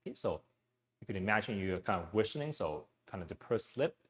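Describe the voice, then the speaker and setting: A man leading a guided breathing exercise class into his own mic, speaking gently, with frequent "okay" and "um". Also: fairly low pitch, sing-song, brisk. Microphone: personal mic.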